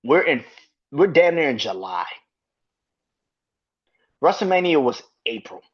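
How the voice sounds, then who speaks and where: A man's voice: a little high, big pitch swings, a little slow, slightly rough. A man hosting a podcast, ranting about wrestling in a profane, exasperated way and laughing in disbelief. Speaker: podcast host. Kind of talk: heated rant about wrestling. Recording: dull lo-fi recording.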